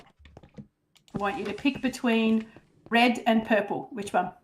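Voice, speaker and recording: A woman's voice: a little high, takes it slowly, a little hiss or hum. A woman teasing her friends playfully in casual chat during a game. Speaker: fellow player.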